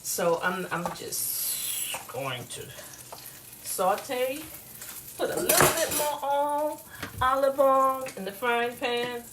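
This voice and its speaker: A woman's voice: high-pitched, expressive, takes it slowly, noisy background. A woman hosts a casual home cooking demonstration, chatting in a folksy way straight to her viewers. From US South. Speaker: cooking show host. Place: home kitchen. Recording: loud frying sizzle behind voice. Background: food sizzling in a frying pan.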